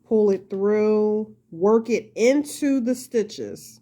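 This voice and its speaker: A woman's voice: mid-range voice, lively intonation, extremely slow, dark tone. Chatty woman hosting a crochet lesson. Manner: chatty, frequent laughter, self-deprecating; addresses viewers as y'all. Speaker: crochet tutorial host. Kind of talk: casual talk-through tutorial.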